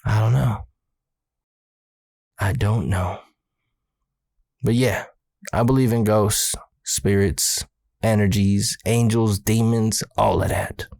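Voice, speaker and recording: Gravelly man in his forties telling a ghost story. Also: on the low side, darkish tone, no echo, studio quality. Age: 40s. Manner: profane, conversational retelling of a ghost story. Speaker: podcast host. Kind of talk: casual personal storytelling.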